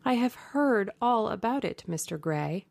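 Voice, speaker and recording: A woman's voice: mid-range voice, lively intonation, measured pace, gravelly, darkish tone, dry recording, pitched above the performer's own voice. A woman reading the part of a witty, flirtatious aristocratic lady with a teasing manner. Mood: curious.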